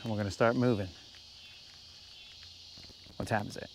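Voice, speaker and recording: A man's voice: fairly low pitch, fairly even intonation, moderate pace, background noise. A man streaming live from a boat on a lake, talking casually to his viewers while he fishes and often calling them "bro". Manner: laid-back, chatty, says "bro" often. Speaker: fishing streamer.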